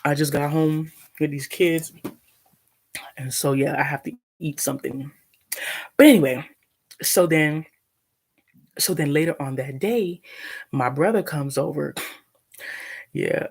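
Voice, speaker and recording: A woman's voice: low-pitched, unhurried, creaky, pauses often, a little mellow, husky. A woman telling a long, indignant story to her live-stream viewers at home, rambling with many restarts and eating as she talks. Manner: eating while talking. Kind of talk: casual storytelling.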